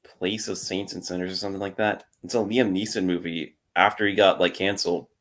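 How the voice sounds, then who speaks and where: A man's voice: sits low, fairly even intonation, brisk, a bit bright. A young man co-hosting a podcast, rambling through a long story in casual chat, laughing often and swearing now and then. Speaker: podcast co-host.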